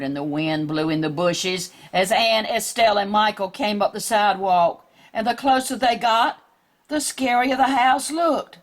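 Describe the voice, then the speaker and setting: A woman reading a picture book aloud to children, gently asking them questions along the way. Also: mid-range voice, moderate pace.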